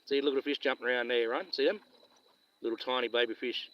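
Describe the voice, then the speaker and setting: This man, whose accent is Western Australian, rambles and laughs through stories while fishing outdoors on a live stream. His medium-pitched voice moves fast, and the audio is dull.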